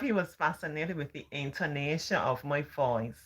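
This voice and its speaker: A woman's voice: low voice, lively intonation, normal speed. A middle-aged woman from Barbados with a Barbadian accent, telling a story in a drawling, sing-song way. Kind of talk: storytelling talk.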